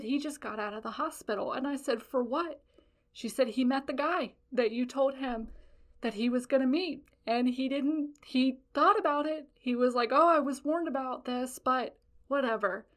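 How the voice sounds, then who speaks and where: A woman podcast host telling stories in a casual, rambling monologue, animated and profane, with frequent laughs. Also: sits high, normal speed.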